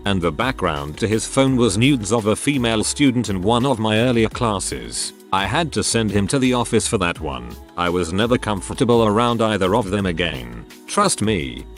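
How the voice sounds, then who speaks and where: A man reading out anonymous online stories as a channel's regular narrator, in a scripted read-aloud delivery that sometimes misreads words. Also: on the low side.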